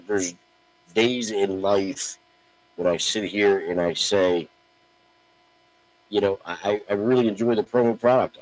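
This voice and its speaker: This online wrestling promo talker, a middle-aged man with a fairly low voice, rants bluntly and profanely at the camera, often tripping over the first words of a sentence. The audio is poor.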